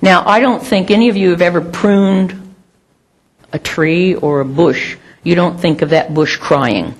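A woman's voice: lowish voice, measured pace, slight background noise. A middle-aged woman preaching a sermon in a conversational, emphatic way with self-mocking humor.

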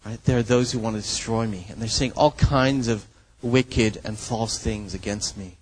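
A man's voice: on the low side, normal speed, few pauses, breathy edge, dry recording, poor audio. A man preaching a sermon as pastor, earnest and emphatic, often checking in with the listeners. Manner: earnest, emphatic preaching with frequent "right?" asides.

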